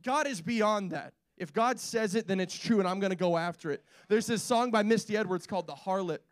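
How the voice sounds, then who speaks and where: High-pitched guy preaching in church, lots of rhetorical questions, gets shouty, dry sound. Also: fairly quick, dry recording. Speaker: pastor. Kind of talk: sermon.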